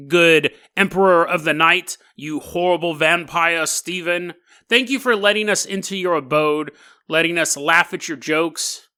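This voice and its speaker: A man hosts a podcast alone, riffing in a loose comedic monologue. His voice is bright and lively, swinging widely up and down, and he breaks into chuckles mid-sentence while picking things apart with dry wit. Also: high voice. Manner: animated, wry, laughs often mid-sentence. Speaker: podcast host.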